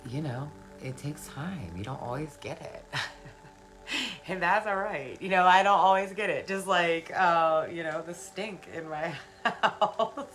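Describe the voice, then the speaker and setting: With soft background music and a rough recording, a woman hosts a casual live stream on spiritual self-help, replying to viewer comments. Her voice is lowish and a bit bright, a little slow, and she's earnest and encouraging, laughing frequently and repeating phrases for emphasis.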